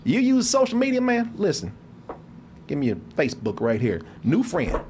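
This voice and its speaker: A man's voice: fairly high pitch, huge pitch swings, moderate pace, background noise. A man voicing a friendly, drunk Southern man at a bar who is chummy and eager and keeps calling people "man.".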